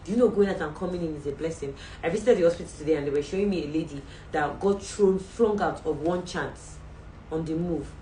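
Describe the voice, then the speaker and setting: A woman's voice: low voice, brisk, warm tone, recorded from a distance. Earnest Nigerian woman exhorting in a roomy space. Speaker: host of a faith show. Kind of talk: livestream sign-off talk. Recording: roomy, off-mic, faint background hum.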